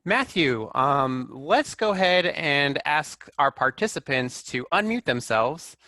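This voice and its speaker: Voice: mid-range voice, animated, takes it slowly, pushed and bright, no echo, studio quality. A host running a virtual storytime for children over a video call, upbeat and encouraging with the audience. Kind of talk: hosting a virtual event for children.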